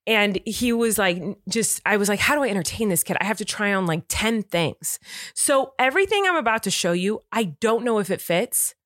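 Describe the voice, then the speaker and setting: Laughing, animated woman telling stories. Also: medium pitch, brisk, no room sound, clean studio sound. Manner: animated storytelling, laughs often. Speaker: podcast co-host. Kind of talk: casual chat.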